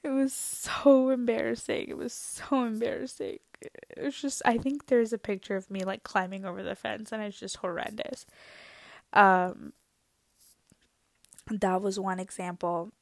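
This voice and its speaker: A woman's voice: mid-range voice, no room sound. A woman in her twenties telling a story to her viewers in a casual, dramatic, self-mocking way. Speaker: vlogger.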